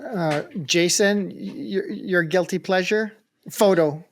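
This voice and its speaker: A man hosting a podcast, asking questions in a slow, easygoing way. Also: high voice, no echo. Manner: slow, easygoing, laughs often. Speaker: podcast host. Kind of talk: casual podcast chat.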